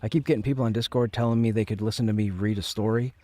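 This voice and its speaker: Streamer, male, lowish mellow voice, easygoing rambling chat, dry close sound. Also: steady tone, rapid-fire, no echo. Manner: rambling, repeats his phrases. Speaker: game streamer. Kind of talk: casual chat.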